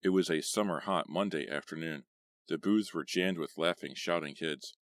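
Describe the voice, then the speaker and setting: A man reading a horror audiobook in a measured, steady way. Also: rumbling low, no echo, clean studio sound. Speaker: audiobook narrator. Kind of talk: scripted horror audiobook narration.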